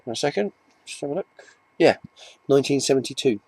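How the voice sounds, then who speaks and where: Speaking quickly with lively intonation, a chatty man from England rambles to camera as a comic collector vlogger. His mid-pitched voice is a little mellow and slightly rough, with no echo, and he restarts often and mocks himself along the way.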